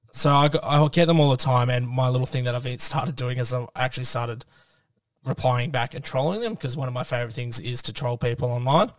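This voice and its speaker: A man's voice: medium pitch, no room sound, distant mic. Aussie guy on a podcast reading out troll texts, dry room, bit away from the mic. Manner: reads out text messages in a playful mocking voice. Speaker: podcast co-host. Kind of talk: casual podcast banter.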